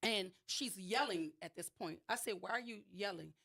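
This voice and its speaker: A woman's voice: medium pitch, normal speed, vocal fry, fairly bright tone. A woman with a New Orleans accent, a radio show guest recounting a personal story with emphasis and frequent restarts. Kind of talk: radio interview, personal account.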